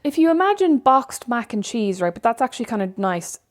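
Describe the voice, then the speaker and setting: A woman's voice: a little high, big pitch swings, brisk. A woman in her thirties with an Irish accent, co-hosting a casual podcast chat and telling stories with plenty of fillers. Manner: rambling, storytelling, lots of fillers. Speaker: podcast co-host.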